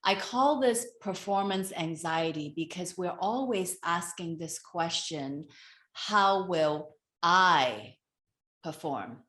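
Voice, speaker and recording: A woman speaking as a guest on a talk show, slow, earnest and reflective as she shares advice. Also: lowish voice, expressive, fairly bright tone. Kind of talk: reflective self-help talk. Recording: roomy echo.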